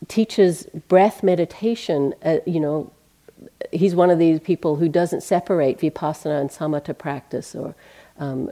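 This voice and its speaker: A woman gives a dharma talk as a meditation teacher, her voice low-set and mellow. She speaks gently and conversationally, often saying "you know".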